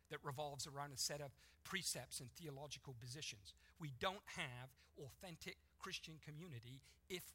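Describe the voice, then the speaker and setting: Bright-voiced man preaching emphatically. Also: on the high side. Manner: emphatic, building to forceful peaks. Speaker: pastor. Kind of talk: sermon.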